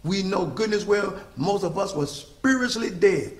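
High-pitched preacher guy, drawn-out emphatic lines, roomy echo. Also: lively intonation. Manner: call-and-response preaching, drawn-out emphatic phrases. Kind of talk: sermon.

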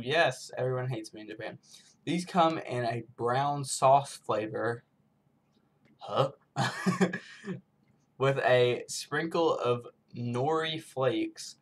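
A man's voice: mid-range voice, slow pace. A man from the United States rambling through a casual snack taste-test vlog, full of self-mocking asides. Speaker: vlogger.

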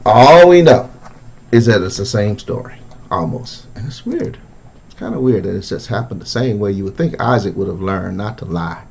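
A man, a pastor leading an interactive Bible study in a conversational, musing way with drawn-out phrasing. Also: on the low side, expressive, vocal fry, darkish tone, lo-fi sound.

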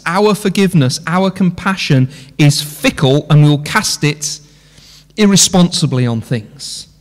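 High-voiced preacher in reverberant hall. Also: male voice. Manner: impassioned, many rhetorical questions. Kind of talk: sermon. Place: church hall. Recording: long church hall reverb.

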